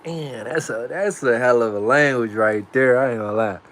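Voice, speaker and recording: A man's voice: medium pitch, normal speed, fairly bright tone. A man casually chatting on a livestream, laid-back and using street slang as he practices pronouncing words aloud. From United States. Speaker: livestream host.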